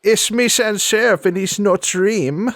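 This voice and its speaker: A man's voice: high voice, a little slow, pitched above the performer's own voice. A man voicing a sly, flirtatious woman who teases and dodges questions, in a tabletop role-play. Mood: teasing. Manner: playful, mock-sultry, calls others darling. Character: sly flirtatious adult woman, teasing and evasive.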